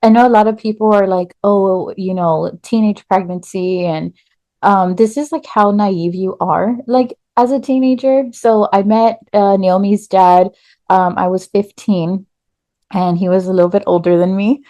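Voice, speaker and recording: A woman's voice: medium pitch, fairly even intonation, a little slow, dark tone, dry recording. A woman in her thirties from Texas, candidly telling her life story as a podcast guest, with lots of filler words. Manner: chatty, many "like" fillers.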